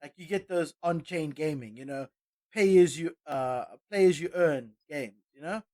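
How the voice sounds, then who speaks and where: A high-voiced man co-hosting a casual podcast, giving his opinions with a lot of energy. He tends to stumble and repeat words when he gets worked up. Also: moderate pace, mellow. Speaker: podcast co-host.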